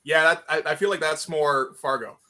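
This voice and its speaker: A man's voice: fairly high pitch, steady tone, normal speed, bright, forceful tone. A man from Canada with a Canadian accent, a guest in a casual chat who talks hesitantly with many restarts. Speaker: guest, comic creator.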